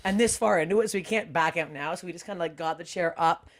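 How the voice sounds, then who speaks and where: A woman comedian telling stories in a casual podcast chat, animated, swearing freely and laughing often. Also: fairly low pitch, fast talker. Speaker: comedian guest. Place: podcast studio.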